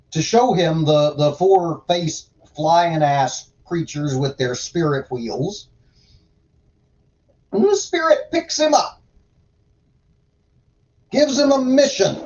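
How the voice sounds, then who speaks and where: A man's voice: fairly high pitch, darkish tone, distant mic, muffled recording. A man hosting a livestream, reading scripture aloud and adding sarcastic, profane commentary in a drawling manner.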